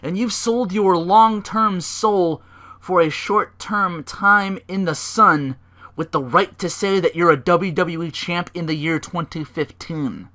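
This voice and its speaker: A gloating wrestling manager, played by a man who talks down to his rival in a raised, pushy voice. His tone is bright and cutting, and his taunts are loud. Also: sits high, slow pace, pitched above the performer's own voice, exaggerated voice. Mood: taunting. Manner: boastful, taunting speech. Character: smug fast-talking male wrestling manager.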